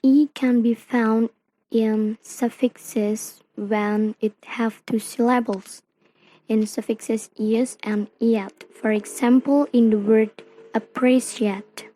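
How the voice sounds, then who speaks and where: A young woman, a non-native speaker of English from Indonesia, slowly reads out a student presentation on phonetics, with grammar slips along the way. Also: on the high side, steady tone, dark tone, poor audio. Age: young adult. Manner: slow careful reading with non-native grammar.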